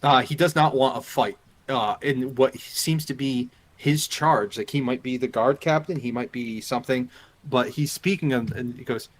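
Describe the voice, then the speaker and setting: A man's voice: mid-range voice, normal speed, a little hiss or hum. A man narrating as game master in a live tabletop game, in a loose, filler-heavy way.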